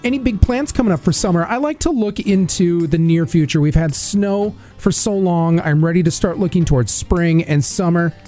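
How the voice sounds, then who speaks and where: A man hosting a studio radio interview, upbeat and full of praise for his guest. His voice sits a touch high with a mellow, relaxed tone. Soft music plays faintly underneath. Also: moderate pace, hardly any pauses. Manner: upbeat, effusive. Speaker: radio host.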